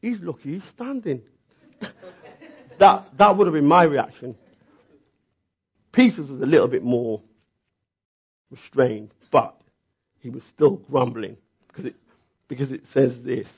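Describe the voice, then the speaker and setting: Gravelly man preaching a sermon. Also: medium pitch, a little slow, pauses often. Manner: animated storytelling, acting out reactions.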